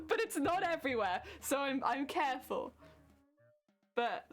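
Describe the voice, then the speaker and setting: Giggly British woman with a lively, high voice. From Britain. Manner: chatty, giggly, quick to laugh. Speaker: streamer. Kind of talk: casual chat with stream viewers while crafting. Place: at home. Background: faint music.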